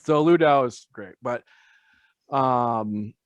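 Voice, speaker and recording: A man's voice: medium pitch, takes it slowly, no echo. Male podcast guest, mid-range voice, dry close sound, loose rambling delivery. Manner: rambling, filler-heavy, self-deprecating. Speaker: tattoo artist guest. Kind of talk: casual podcast conversation.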